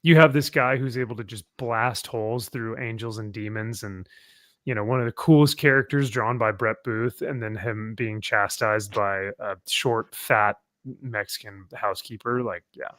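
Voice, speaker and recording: A man co-hosting a casual podcast chat, easygoing and quick to laugh. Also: lowish voice, steady tone, a bit bright. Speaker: podcast co-host.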